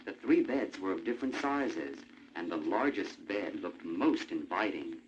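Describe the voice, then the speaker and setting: Animated male storybook narrator. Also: low voice, unhurried, slight background noise. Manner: animated, expressive. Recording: muffled old vinyl with music.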